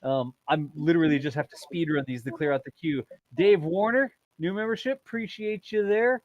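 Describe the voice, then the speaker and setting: A man's voice: fairly high pitch, moderate pace, no echo, muffled recording. A man hosting a casual livestream, reading viewer messages aloud with lots of laughter. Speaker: livestream host.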